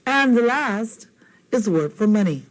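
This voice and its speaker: A woman from Hawaii with a Hawaiian accent leads a televised language lesson. She is patient and playful, repeating each word slowly and asking "okay?" often. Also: mid-range voice, animated, rough recording. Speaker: language teacher.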